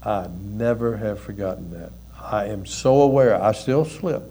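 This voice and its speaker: An older man, a pastor and counselor, giving a conversational sermon with folksy stories and soft chuckles. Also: lowish voice, measured pace, slight background noise.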